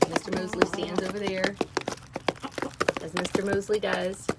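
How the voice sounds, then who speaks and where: A woman's voice: mid-range voice, little pitch movement, measured pace, pauses often. Chatty woman outdoors. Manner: chatty and cheerful, coos at her chickens. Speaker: homesteading vlogger. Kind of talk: casual vlog chat. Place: outdoors by a chicken coop on a hot day. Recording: loud outdoor noise behind.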